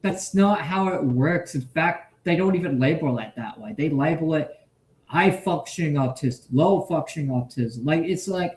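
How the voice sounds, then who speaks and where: A man streaming his reaction to a video, swearing freely and swinging from shouts to mumbles. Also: fairly high pitch, reverberant. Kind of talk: loud profane reaction commentary.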